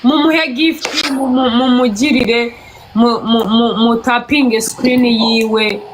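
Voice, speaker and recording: A woman's voice: on the high side, fairly even intonation, slow pace, noisy background. A Rwandan woman with a Rwandan accent, hosting a live stream and urgently coaxing viewers in English and Kinyarwanda.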